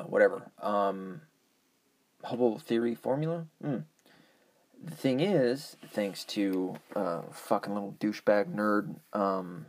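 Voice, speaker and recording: Male host, deep-ish and breathy, swears freely, argues and drifts off topic. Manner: profane, rambling, argumentative. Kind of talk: casual ranting monologue.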